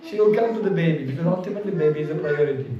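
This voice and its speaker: A man with giving an animated devotional class, acting out voices as he tells stories and laughing often. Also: a little high, rapid-fire, highs cut off, crowd noise. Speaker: visiting speaker. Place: home gathering room. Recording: echoey room, mic far off, audience around.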